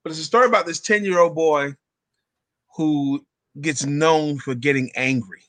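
A man tells a parable with lively, acted-out quotes. His voice sits a bit high and rings bright and forceful. The sound is dry and close. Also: moderate pace, no room sound. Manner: animated storyteller acting out quotes. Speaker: guest. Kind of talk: storytelling a parable.

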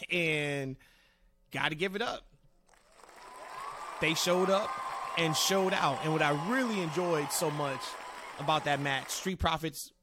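A man's voice: fairly high pitch, takes it slowly, long pauses, crowd noise, background noise. A man hosting a wrestling podcast, chatting casually and handing the talk to his co-hosts. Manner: animated, steers the talk to co-hosts. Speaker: podcast host. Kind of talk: casual chat.

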